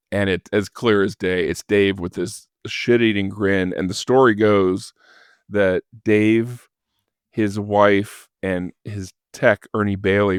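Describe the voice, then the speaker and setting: An older man tells a story in a relaxed, casual way and slips into other people's voices as he quotes them. His voice sits low, and it is recorded close and dry with no room sound. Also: clean tone, dry recording. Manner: lively storyteller who acts out quoted voices. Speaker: podcast guest, former record store manager. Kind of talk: casual anecdote telling.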